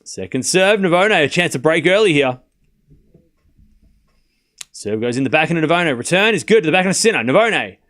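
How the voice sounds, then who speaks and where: Lively chatty male tennis streamer. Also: fairly high pitch, a little fast, long pauses. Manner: chatty, laughs often, talks to chat. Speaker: host. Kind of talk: live tennis watchalong commentary.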